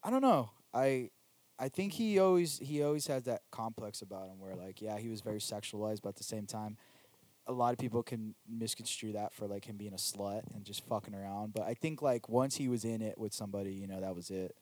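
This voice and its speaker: A man's voice: on the low side, fairly quick, a little mellow, dry recording. A man in a casual podcast chat, laid-back, peppering his talk with "dude" and "like.".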